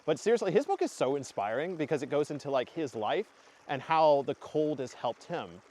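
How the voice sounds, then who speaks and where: A man's voice: fairly high pitch, animated, moderate pace, darkish tone. A young man talking casually and earnestly to camera, rambling with fillers and restarts as he reflects on his year. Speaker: spiritual content creator. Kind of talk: casual reflective vlog talk.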